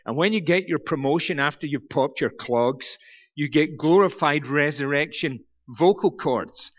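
A man's voice: a little high, a little slow. A man giving a humorous sermon as a guest preacher, telling wry, self-mocking stories. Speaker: guest preacher from a church planting network. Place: church. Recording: dull recording in a reverberant hall.

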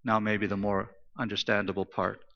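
A man's voice: lowish voice, level tone, normal speed, vocal fry, in a large hall, dull audio. A man preaching a sermon in an emphatic style, repeating phrases for stress. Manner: emphatic, repetitive preaching cadence. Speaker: pastor.

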